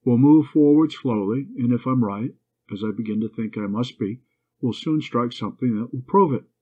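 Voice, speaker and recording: A man reading a brisk, good-humored young gentleman. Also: medium pitch, slightly rough, lightly acted. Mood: reassuring. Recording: tinny phone-like line.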